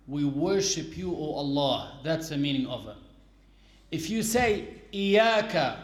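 A man giving a religious lesson, explaining patiently with worked examples and little acted scenes. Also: a little high. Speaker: religious teacher. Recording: echoey room.

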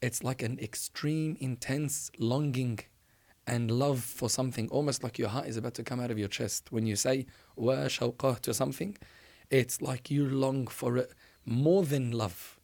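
Man, preacher, religious storytelling, emphatic, animated, mid-pitched. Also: normal speed, creaky. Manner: animated, emphatic, with frequent restarts.

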